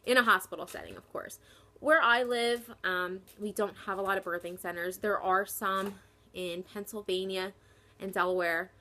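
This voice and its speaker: A woman's voice: mid-range voice, steady tone, normal speed, pushed and bright. Young woman vlogging at home, kinda out of breath, says like a lot, chatty and rambly. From New Jersey, US. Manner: chatty, lots of "like" fillers. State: short of breath while talking. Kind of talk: casual pregnancy vlog.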